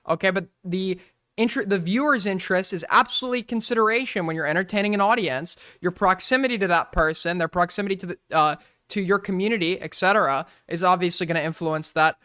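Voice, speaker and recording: Man, new york accent, ranting streamer, high clear voice, dry close mic. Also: bright, forceful tone, no echo. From Long Island, New York. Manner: ranting, profane, sarcastic. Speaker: streamer reacting to drama. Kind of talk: casual livestream commentary.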